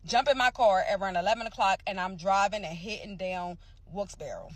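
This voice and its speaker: A woman from Pennsylvania telling her own story in a casual vlog, emphatic and animated, repeating phrases and acting out sounds. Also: mid-range voice, brisk, no echo. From Pennsylvania, USA.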